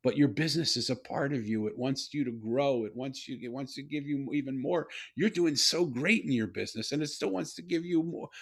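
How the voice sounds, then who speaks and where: A man with a gravelly, mid-pitched voice talks slowly and earnestly as a guest. He leans on repeated phrases while he tells reflective stories. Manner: slow, earnest, repetitive phrasing. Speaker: guest, storyteller and author. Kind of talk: reflective conversational storytelling.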